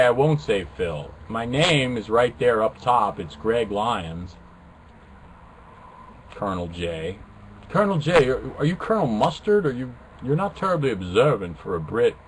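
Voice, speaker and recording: Flippant male webcast host, animated delivery, light background noise. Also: mid-range voice. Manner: flippant, joking, self-mocking. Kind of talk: casual rambling chat with viewers.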